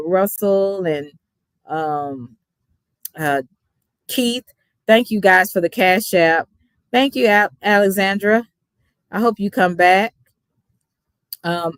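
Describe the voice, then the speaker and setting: A woman's voice: lowish voice, clean tone, dry recording, studio quality. A woman from Dallas with a Texas accent, sleepy and chatty, rambling as she thanks her livestream viewers by name. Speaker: YouTube reaction streamer. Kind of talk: casual livestream sign-off.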